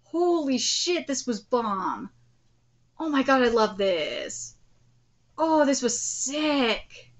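A woman hosting a live anime reaction, outspoken and swearing freely, breaking into excited exclamations. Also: high-pitched, slow pace, long pauses.

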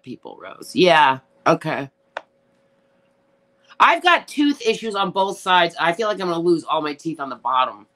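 A woman's voice: sits low, fairly bright tone. A middle-aged woman hosting a casual live stream, rambling, tearful and upset, with profane rants. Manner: rambling, emotional, profane ranting. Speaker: livestream host reading chat.

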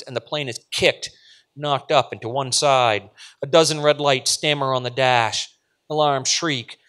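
A man's voice: medium pitch, a bit bright. A male author reading his fiction aloud at a live event, with vivid, dramatic narration. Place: live event at a literary venue.

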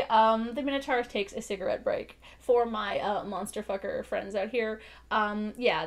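Chatty woman vlogging from home, voice sits a bit high, laughs a lot and rambles, desk mic. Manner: giggly, rambling, self-deprecating. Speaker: book reviewer. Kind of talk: casual chat to camera. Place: home room with bookshelves. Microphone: small desk mic.

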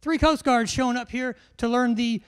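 A man, an instructor giving a humorous, animated briefing to a large class and quizzing the crowd. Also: extremely high pitch, moderate pace, clear, resonant tone. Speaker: military education instructor.

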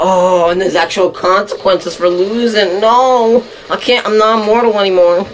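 Young male let's-play gamer, excitable and self-mocking, casual running commentary. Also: high voice, moderate pace, slight background noise.

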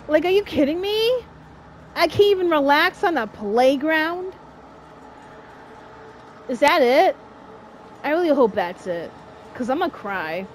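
A woman giving casual let's-play commentary on a horror game, chatty and excitable, talking to herself and shouting at the game. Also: high-pitched, slow pace, long pauses, faint music behind. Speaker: gamer playing a horror game.

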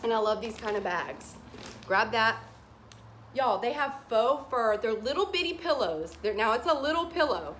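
A woman's voice: fairly high pitch, expressive, normal speed, fairly bright tone, a little hiss or hum. Giddy, gushing woman. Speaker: haul vlogger. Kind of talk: casual shopping haul chat to camera.

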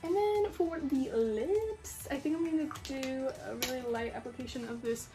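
Young female vlogger, high voice, under the weather, rambling and self-deprecating, faint music behind. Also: animated, moderate pace, mellow. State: sick, stuffy voice. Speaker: beauty vlogger. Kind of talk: casual makeup tutorial chat.

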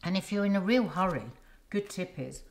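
A woman's voice: fairly low pitch, animated, normal speed. A middle-aged woman chatting affectionately while hosting a cooking demonstration in her home kitchen. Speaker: cooking show host. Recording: noisy kitchen with sizzling. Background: frying and sizzling.

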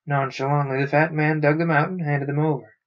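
A man narrating a science fiction novel aloud on a stream, steady with small stumbles. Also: fairly high pitch, fairly quick. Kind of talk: audiobook-style reading. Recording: dull lo-fi sound.

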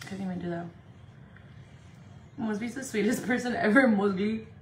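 A woman's voice: mid-range voice, normal speed. A woman from California doing a casual makeup livestream, chatty and profane, laughing often and slipping into Spanish. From Indio, California. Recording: echoey room with faint noise.

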